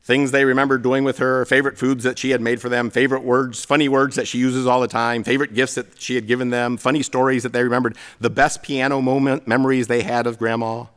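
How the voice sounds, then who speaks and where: A middle-aged man delivers a sermon at a mid-range pitch. He tells personal stories with gentle, self-deprecating humor. His delivery is a preacher's, speaking to a congregation. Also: flat delivery, fast talker, hardly any pauses, smooth. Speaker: pastor.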